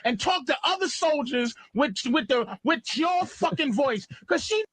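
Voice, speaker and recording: A man on a radio call-in show, delivering slow, deadpan put-downs to a caller in an archival clip. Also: very high-pitched.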